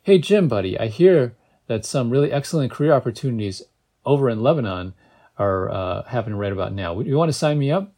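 A man's voice: mid-range voice, animated, brisk, dark tone. Man voicing a drawling, boozy young guy, mocking, storybook read-aloud.

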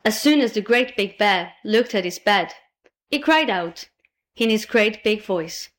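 A woman narrating a fairy tale with expressive, playful emphasis. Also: mid-range voice, measured pace. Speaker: storyteller. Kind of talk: storybook narration.

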